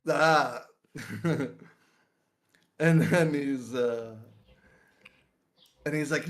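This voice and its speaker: A man's voice: a little high, very slow, pauses often. A young man telling a story casually on a livestream, full of slang, swearing and laughter. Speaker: streamer.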